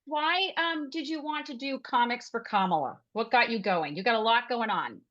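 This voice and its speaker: A woman's voice: on the high side, normal speed, a bit bright, highs cut off. A woman hosting an interview on a video call, upbeat and encouraging as she asks questions. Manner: upbeat, laughing along, encouraging. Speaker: podcast host. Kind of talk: interviewing a guest.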